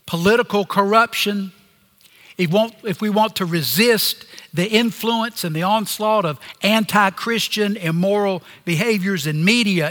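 Male preacher, high voice, slow deliberate sermon delivery, earnest. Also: a bit bright, big-room sound. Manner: earnest, pausing preaching with phrases dropping low at the end.

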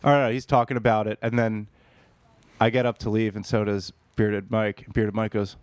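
A man's voice: fairly low pitch, flat delivery, moderate pace, no room sound. Rambling, profane male storyteller. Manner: rambling, profane, restarts mid-sentence. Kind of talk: casual podcast storytelling.

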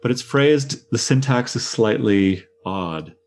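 A man leading a poetry discussion, thoughtful, reading lines of verse aloud slowly. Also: medium pitch, animated, a little mellow, slight background noise. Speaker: discussion leader.

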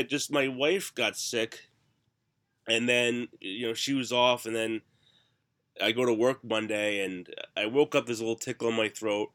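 After a bout of flu, a middle-aged podcast co-host speaks in a raspy, hoarse voice, with coughs cutting in. His medium-pitched tone is bright and forward as he wanders through self-deprecating anecdotes. The talk is relaxed and casual, like a co-host chatting freely.

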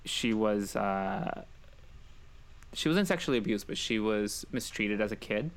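A man hosting a casual podcast chat, telling stories and quoting his family lively. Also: on the low side, unhurried, clear, resonant tone. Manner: storytelling, animated quoting of family. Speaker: podcast host.

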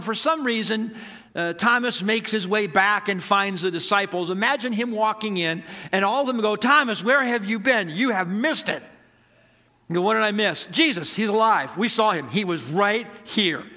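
Bright, high-voiced man preaching. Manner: animated storytelling, acting out the characters' lines. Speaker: pastor. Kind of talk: sermon.

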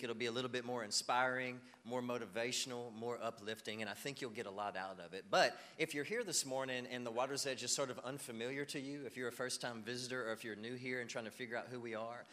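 A male pastor delivering a sermon to his congregation, energetic and rising loud when he acts out examples. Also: mid-range voice. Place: church sanctuary. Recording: long reverb of a church hall.

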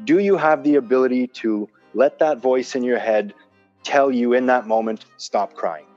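A man's voice: medium pitch, normal speed, darkish tone. A man in casual conversation, making his points with emphasis, repeating them and explaining with examples. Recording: dull lo-fi sound with faint music.

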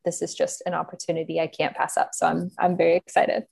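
A woman's voice: on the low side, a little fast, gravelly, dark tone, husky. A young woman hosting a podcast in casual chat, cheerful and playful, laughing often, recorded over a remote call. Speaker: podcast host.

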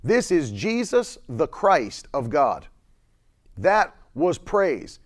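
A man preaching a sermon with a lively, swooping delivery. His voice sits a little high, and he stretches key words and cries out loud when he quotes scripture. He laughs lightly between points. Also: very slow. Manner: laughs between points, reads chat comments.

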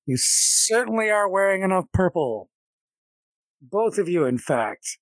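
A man's voice: high voice, big pitch swings, a little slow, no echo. A man narrating a tabletop game as game master in a casual, jokey, rambling way.

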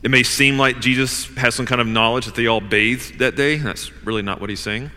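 A man's voice: mid-range voice, fairly even intonation, fairly quick, sharp tone, in a large hall. A man preaching a sermon in an emphatic, conversational way, often saying "like" and "you know".

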